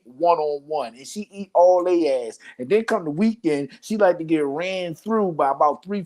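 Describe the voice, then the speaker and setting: Male host, comedic rant, exclaims and repeats himself, pitch leaps way up on outbursts. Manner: loud exclaiming, big pitch swings, profane; repeats lines for emphasis.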